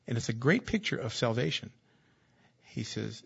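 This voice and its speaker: A man's voice: medium pitch, expressive, normal speed, gravelly, fairly bright tone, breathy edge, lo-fi sound. A man preaching a sermon as pastor, in a conversational, joking style that repeats key phrases.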